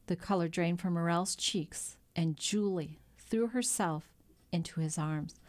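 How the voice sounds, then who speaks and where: A woman narrating a classic novel in a measured, even storytelling delivery. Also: fairly low pitch. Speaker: audiobook narrator. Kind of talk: scripted narration.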